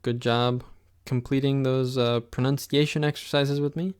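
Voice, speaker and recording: A man teaching a pronunciation lesson, saying each word slowly and repeating it so the listener can follow along. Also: medium pitch, flat delivery, clean tone. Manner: slow, patient, repeats words for the listener. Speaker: language teacher.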